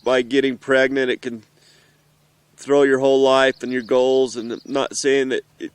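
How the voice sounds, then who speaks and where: A middle-aged father, emotional and earnest, speaking haltingly outdoors in the mountains in a heartfelt message to his children. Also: mid-range voice, little pitch movement, clean tone. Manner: earnest, halting, with pauses and restarts.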